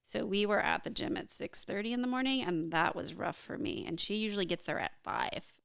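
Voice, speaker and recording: A woman's voice: mid-range voice, lively intonation, fairly quick, gravelly, a bit bright, clean tone, no echo, clean studio sound. A woman co-hosting a podcast, chiming in with laid-back remarks during casual chat. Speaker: podcast co-host.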